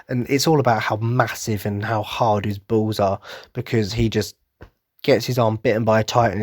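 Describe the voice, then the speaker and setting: A man's voice: fairly low pitch, no echo, studio quality. Enthusiastic rambling podcast host man. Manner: enthusiastic, rambling, swears casually. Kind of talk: casual podcast chat.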